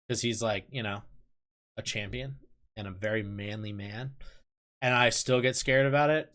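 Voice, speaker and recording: A man's voice: medium pitch, fairly bright tone. A young man chatting loosely with his stream viewers from his computer at home. He rambles, laughs often and answers chat messages as they come in. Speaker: livestream host.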